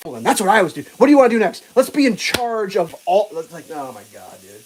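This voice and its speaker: Lively, profane ranting woman. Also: medium pitch, fairly quick, few pauses, low-quality recording. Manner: profane, exasperated, rambling with many restarts. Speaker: livestream host. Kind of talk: casual livestream rant.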